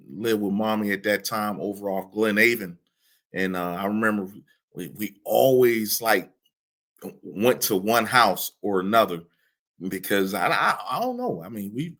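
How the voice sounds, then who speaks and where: Deep-voiced man, halting and soft. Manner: halting, many fillers and restarts, drops to a soft mumble. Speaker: podcast guest. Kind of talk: casual interview talk.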